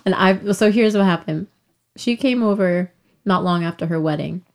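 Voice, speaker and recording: A pregnant woman in her thirties, chatting casually with a friend. Her voice sits a little low. She tells her story loosely, full of fillers, and acts out the quoted lines. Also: moderate pace, creaky. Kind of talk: casual chat.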